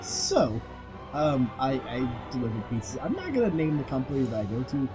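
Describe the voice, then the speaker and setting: Guy cracking crude jokes over a let's play, voice jumps all over the place, game music clearly behind. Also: sing-song, moderate pace. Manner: sarcastic, crude riffing with swings in pitch. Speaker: co-commentator on a game playthrough. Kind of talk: casual joking chat.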